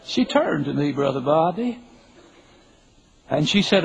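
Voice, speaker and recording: Husky older preacher with folksy humor. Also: male voice, on the high side, sing-song, a little slow, long pauses. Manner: emphatic, folksy joking. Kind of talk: sermon with humorous storytelling. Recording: dull lo-fi recording.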